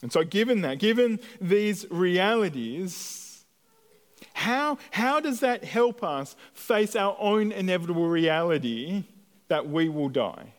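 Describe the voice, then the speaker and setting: A man preaching a sermon as a pastor, earnest and measured, with deliberate pauses. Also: high-pitched, lively intonation. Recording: long hall reverb.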